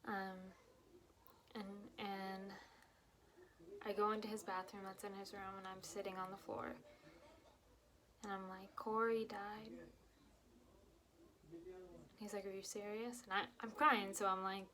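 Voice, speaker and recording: Young woman telling a painful story, halting. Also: medium pitch, level tone, fairly bright tone. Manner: emotional, halting, many fillers and restarts; drops to whispers at painful moments. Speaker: vlogger telling her own story. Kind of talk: personal storytelling to camera.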